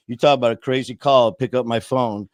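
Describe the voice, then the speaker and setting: A man's voice: mid-range voice, steady tone, fairly quick, no echo, studio quality. A man hosting a podcast, telling a personal story in an earnest, emotional way and often calling people "man" and "brother". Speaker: podcast host. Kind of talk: casual conversational storytelling.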